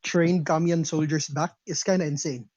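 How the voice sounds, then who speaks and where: A man's voice: a little high, fairly even intonation, normal speed, a little mellow, no echo. A male game master narrating a tabletop role-playing session. He wanders through his sentences with lots of fillers. The recording is dry and slightly muffled. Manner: loose, rambling narration with fillers.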